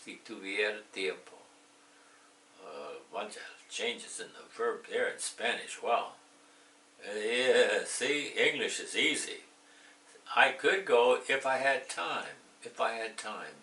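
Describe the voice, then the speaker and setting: A man with a gravelly, bright voice teaches English at a slow, patient pace. He explains each phrase in English and again in Spanish, with a playful touch. The sound is echoey and a little distant from the mic. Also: on the low side, a little hiss or hum. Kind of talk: slow bilingual lesson with jokes.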